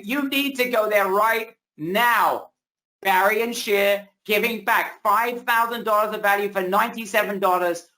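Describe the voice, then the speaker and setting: A man hosting a webinar delivers a hard-sell pitch over a video call, all hyped, pushy salesman energy, even as his voice is giving out.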